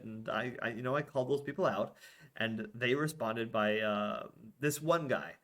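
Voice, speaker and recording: A man's voice: mid-range voice, moderate pace, a bit bright. A young adult man hosting a casual vlog, ranting in an exasperated way with lots of swearing, fillers and restarts. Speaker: vlog host.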